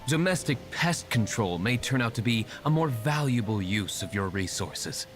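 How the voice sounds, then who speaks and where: A man's voice: mid-range voice, animated, moderate pace, music in the background, lightly acted. An actor playing a brooding young male tavern owner in a video game, speaking curtly with dry sarcasm. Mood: dryly sarcastic.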